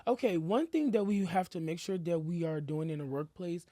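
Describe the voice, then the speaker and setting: A woman's voice: on the low side, moderate pace, mellow, no room sound, clean studio sound. A woman co-hosting a casual talk show, chatting freely and acting out what other people said in a mocking tone. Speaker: podcast co-host. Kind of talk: casual chat.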